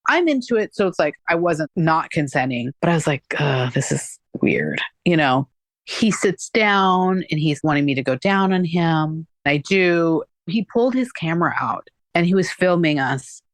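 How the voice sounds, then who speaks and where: This guest has a lowish, expressive voice and talks at a normal speed as she relates a personal experience. Candid and conversational, she sprinkles in "like" frequently and acts out the things people said. The sound is dry.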